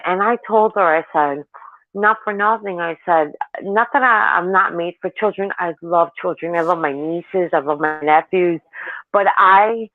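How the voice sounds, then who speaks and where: A woman's voice: on the low side, measured pace, no room sound. A woman in her forties chatting casually as a caller, rambling and candid, telling stories animatedly. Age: 40s. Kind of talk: casual chat. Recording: tinny dry phone line.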